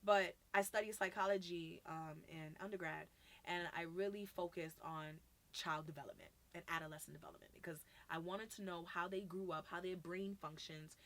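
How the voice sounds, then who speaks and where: A woman with a New York accent in her thirties, talking casually as a podcast guest, animated and acting out quoted voices. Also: lowish voice, normal speed. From United States. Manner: animated, acts out quoted voices, laughs often. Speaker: podcast guest, youth mentor. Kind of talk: casual conversation.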